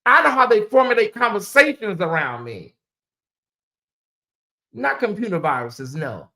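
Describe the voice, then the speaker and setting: A woman's voice: mid-range voice, very animated, a little slow, bright, forceful tone. A woman hosting a casual livestream, rambling in a loose, repetitive way and talking straight to her chat. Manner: rambling, repeats phrases, talks to chat. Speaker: livestream host.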